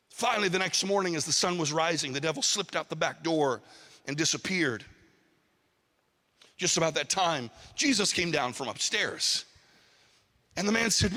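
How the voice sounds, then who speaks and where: Bright, high-voiced preacher in a hall. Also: male voice. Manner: animated, calls for audience response. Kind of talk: sermon storytelling. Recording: long hall reverb.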